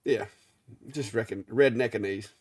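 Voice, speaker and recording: A man's voice: lowish voice, moderate pace, a little mellow, no room sound, studio quality. A middle-aged man with a Southern Alabama accent, co-hosting a live stream in an easygoing drawl and stumbling over names. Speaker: live show co-host. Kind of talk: casual live-stream chat.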